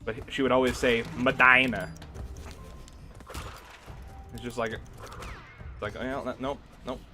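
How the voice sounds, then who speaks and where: With soft background music, a young male streamer talks at normal speed in a medium-pitched voice with little pitch movement. It's relaxed livestream chatter during a game, full of laughs and filler words as he rambles through a story.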